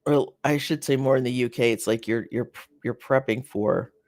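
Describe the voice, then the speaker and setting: A host of a live garden chat, from North America, talking casually and reading viewer comments in a rambling, halting way with many fillers and restarts, sympathetic toward the viewers. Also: medium pitch, darkish tone, dry recording, clean studio sound.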